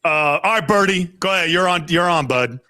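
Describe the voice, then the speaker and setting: A man's voice: on the high side, a little fast, bright, forceful tone. A man hosting a casual podcast chat with former teammates, loose and joking as he hands the floor around.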